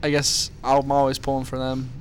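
A man's voice: mid-range voice, completely flat delivery, moderate pace, slight background noise. A young man co-hosting a casual sports podcast, dropping dry, teasing asides. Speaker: podcast co-host. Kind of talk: casual chat.

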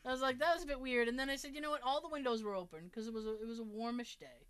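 A woman's voice: a little high, racing, a bit bright, dry recording. A woman casually telling a story to friends, swearing freely and acting out the voices of the people in it. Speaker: podcast host telling a story.

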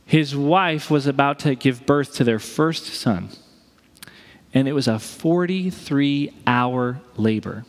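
A man's voice: mid-range voice, slow pace, in a large hall. A male pastor delivering a conversational sermon, telling a story and acting out the voices of the people in it.

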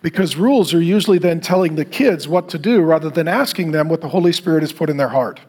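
A man's voice: on the high side, fast, hardly any pauses, breathy edge. A middle-aged man preaching to a men's group, telling stories and acting out the people in them with asides to the group. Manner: animated storytelling, acting out quotes with asides to the group. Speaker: pastor leading a men's group. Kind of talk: sermon.

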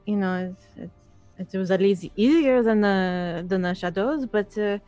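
A woman playing a tabletop game, talking haltingly with many fillers. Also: medium pitch, mellow, smooth, soft background music. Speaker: player. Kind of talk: tabletop role-play chat.

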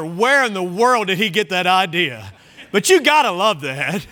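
A man's voice: high-pitched, expressive, a little slow, pushed and bright. A man preaching a sermon as pastor, reading scripture with emphasis, chuckling and turning to the congregation with asides. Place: church sanctuary.

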